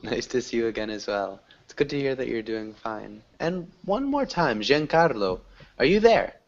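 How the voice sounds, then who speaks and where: Lively encouraging teacher on video call. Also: male voice, mid-range voice, moderate pace. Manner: encouraging, praising pronunciation. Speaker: English teacher. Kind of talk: online language class. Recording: dull lo-fi video call audio.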